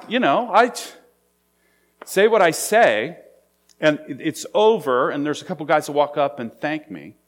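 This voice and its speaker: A man preaching a sermon in a conversational, storytelling way. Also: mid-range voice. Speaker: pastor.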